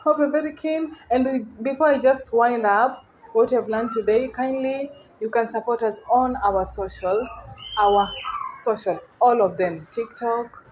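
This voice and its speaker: A woman giving a casual language lesson, repeating words slowly and often checking whether the listener is following. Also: on the high side, fairly even intonation, darkish tone, a little hiss or hum, low-quality recording. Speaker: language teacher.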